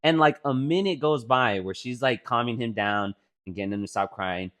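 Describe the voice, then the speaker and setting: Swearing, animated woman storyteller. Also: rumbling low, moderate pace. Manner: animated storyteller who swears freely and acts out quotes. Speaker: podcast co-host. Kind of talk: casual chat.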